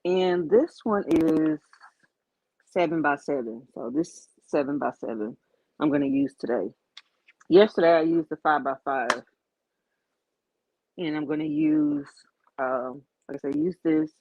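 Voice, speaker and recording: A Southern US woman hosts a casual crafting livestream, chatting and thanking viewers while she works. Her voice is low and measured, with long pauses. The lo-fi stream audio sounds dull and dry.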